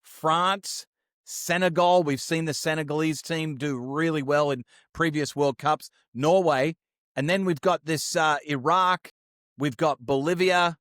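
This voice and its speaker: A man's voice: fairly high pitch, steady tone, unhurried, a bit bright, dry recording, clean studio sound. A man co-hosting a sports podcast, chatting upbeat and slangy about the week's games. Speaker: podcast co-host. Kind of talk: casual sports chat.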